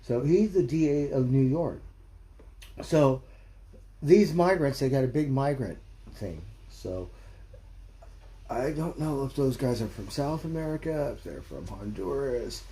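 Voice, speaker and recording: A man's voice: medium pitch, lively intonation, a little slow, pauses often, warm tone. A man hosting a livestream, ranting bluntly and heatedly in casual, profane commentary. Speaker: livestream host. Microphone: streaming mic.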